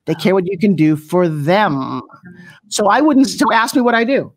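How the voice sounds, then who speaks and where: A middle-aged woman coaching people on pitching in an interview, brash and punchy, often slipping into mocking voices. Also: very animated, moderate pace. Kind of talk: energetic motivational coaching talk.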